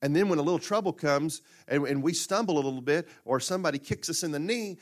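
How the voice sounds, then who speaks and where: A man preaching a sermon as pastor, talking plainly and conversationally, then breaking into sudden loud bursts. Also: fairly high pitch, fast, few pauses. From United States. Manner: conversational and plainspoken, with fillers and restarts.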